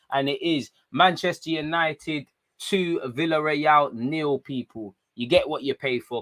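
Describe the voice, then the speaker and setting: Excitable young man calling a match. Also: medium pitch. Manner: chatty, excitable, slangy street talk. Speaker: football watchalong streamer. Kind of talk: live match watchalong commentary.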